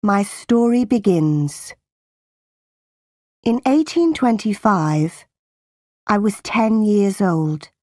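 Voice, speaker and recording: Slow, deliberate woman storyteller. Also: mid-range voice, animated, darkish tone, no room sound, studio quality. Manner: clear, deliberate reading. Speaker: narrator. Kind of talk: slow graded-reader storybook narration.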